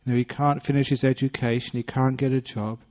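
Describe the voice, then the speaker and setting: Gentle storytelling English monk. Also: male voice, mid-range voice, flat delivery, fast. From British-born, based in Western Australia. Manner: gentle humorous storytelling with acted voices. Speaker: Buddhist monk giving a dharma talk. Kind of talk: storytelling dharma talk. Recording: dull lo-fi talk recording.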